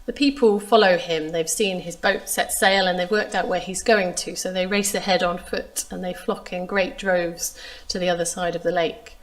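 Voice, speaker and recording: A woman preaching a sermon, retelling a Bible story in a measured, expressive way. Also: fairly low pitch. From England. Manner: measured, expressive reading of scripture.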